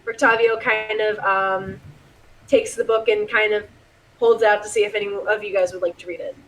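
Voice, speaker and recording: A woman runs a tabletop game online, chatting casually between bits of narration. She laughs often and swears freely. Her voice sits at a middle pitch. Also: fairly even intonation, normal speed, a bit bright, a little hiss or hum, rough recording. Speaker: game master.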